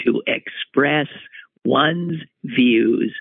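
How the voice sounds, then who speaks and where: A radio talk host delivers a wry, emphatic opinion monologue, his voice jumping up suddenly on key words. He speaks very slowly in a mid-range, gravelly, husky voice with no room sound, though the audio is tinny and phone-like.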